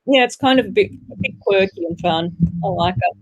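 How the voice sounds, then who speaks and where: A woman's voice: medium pitch, fairly quick, no room sound, poor audio. Giggly Australian woman reading chat. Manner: giggly, reads chat comments aloud, apologetic. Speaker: livestream co-host reading chat. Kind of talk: casual livestream chat.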